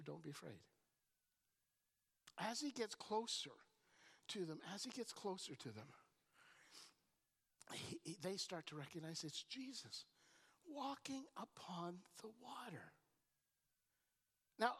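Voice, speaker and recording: A woman preaching a sermon, telling the story with animated energy and often repeating words as she starts a thought. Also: on the low side, slightly rough. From Canada. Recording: long reverb in a large hall.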